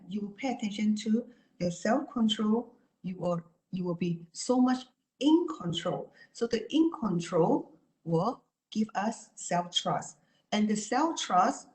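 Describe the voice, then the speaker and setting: A woman therapist giving an online talk and answering questions, speaking calmly and repetitively with many "you know" and "right?" asides. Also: mid-range voice, reverberant.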